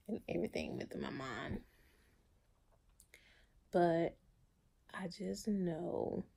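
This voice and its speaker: A woman in her thirties recording a personal video diary, speaking slowly and haltingly. Her voice is mellow and dark, with a gravelly roughness running under it, and she often repeats herself as she talks. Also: mid-range voice. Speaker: vlogger.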